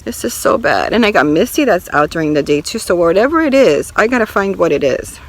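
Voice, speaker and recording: A woman's voice: mid-range voice, sing-song, a little fast, few pauses, a little hiss or hum, rough recording. A woman talking casually to her viewers while walking around her rural property outdoors, filming herself. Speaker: homestead vlogger. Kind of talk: casual vlog to camera.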